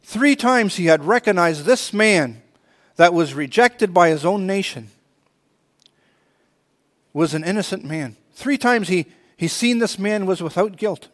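A man's voice: high-pitched, lively intonation, measured pace, pauses often, a bit bright, big-room sound. A man preaching a sermon and reading scripture aloud, earnest, often restarting and repeating words. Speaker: pastor.

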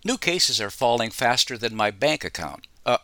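A man's voice: medium pitch, lively intonation, normal speed, pushed and bright, no room sound. A man delivering scripted political commentary with sarcastic, mocking asides.

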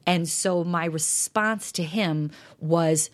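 A woman's voice: lowish voice, takes it slowly. A middle-aged woman co-hosting a talk show, speaking earnestly and openly about her marriage in casual chat. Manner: earnest, reflective, open. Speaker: podcast co-host.

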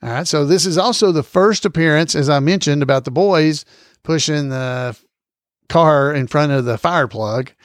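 A man's voice: on the high side, moderate pace, no echo, clean studio sound. A male podcast host chatting casually about trivia, rambling with lots of fillers and small chuckles.

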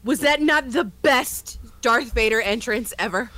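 Excitable woman co-hosting a movie podcast. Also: fairly high pitch, measured pace. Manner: animated, excitable storyteller. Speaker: podcast co-host. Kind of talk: casual movie review chat.

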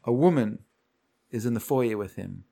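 A man's voice: medium pitch, moderate pace, vocal fry. A man casually retelling a show's plot on a podcast, acting out the characters' lines as he goes. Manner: lively storytelling, acts out characters' lines. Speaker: podcast co-host recapping a show. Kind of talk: casual chat.

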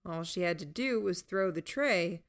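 A woman narrating a first-person audiobook in an unhurried, steady storytelling manner. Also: on the low side.

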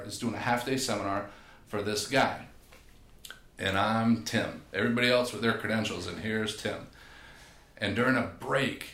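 A man, a podcast guest and personal trainer, telling stories in a casual, animated way and acting out quotes. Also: fairly low pitch. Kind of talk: casual storytelling. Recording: echoey room.

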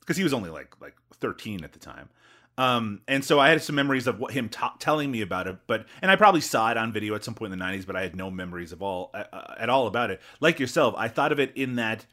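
A man's voice: lowish voice, very animated, fast, bright, forceful tone. A man co-hosting a podcast in casual movie chat, swearing freely and laughing between remarks. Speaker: podcast co-host.

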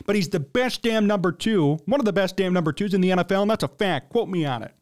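A man's voice: sits high, expressive, fast talker, few pauses, a little mellow. A young man hosting a sports talk show, giving blunt, emphatic opinions.

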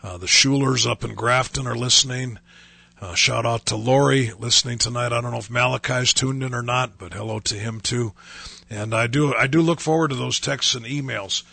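An older man, a pastor, hosting a radio show in casual talk, rambling and halting with many fillers. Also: mid-range voice, vocal fry, sharp tone, husky, no room sound.

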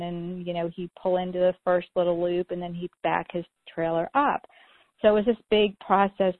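A middle-aged woman host with a slightly low voice chats casually, telling family anecdotes and laughing often. Her voice is dry and comes through a tinny, phone-like line. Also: dry recording. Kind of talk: casual chat.

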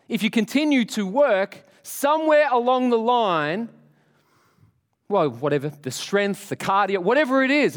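A high-voiced man preaching in a big church, and his sermon rings out with a long hall echo. He talks to the congregation in a lively, joking way. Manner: animated, conversational, joking with the congregation. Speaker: pastor.

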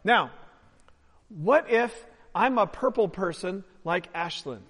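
A man's voice: high-pitched, lively intonation, slow pace, a bit bright, breathy edge, big-room sound. A man preaching a sermon to his church, joking with the congregation and drawing them in. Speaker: pastor. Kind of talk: sermon with audience participation. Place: church sanctuary.

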